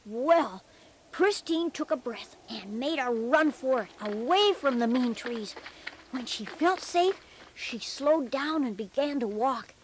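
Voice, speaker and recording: Cheerful bear narrator, high voice, slow, gentle earnest storybook telling. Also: male voice, slight background noise, exaggerated voice.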